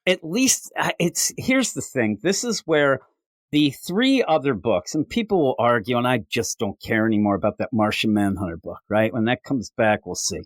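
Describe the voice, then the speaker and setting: Here a man co-hosting a comics podcast chats casually at a moderate pace with lively intonation. He tends to ramble and make fun of himself, raising his pitch sharply for quotes, with no echo.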